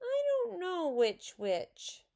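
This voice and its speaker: A woman's voice: very high-pitched, wildly swooping pitch, extremely slow, warm tone, voice pushed up, heavily acted. A woman voicing a prim little girl with curls who whines and complains while being teased, read aloud from a storybook. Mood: whining. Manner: whiny, pleading.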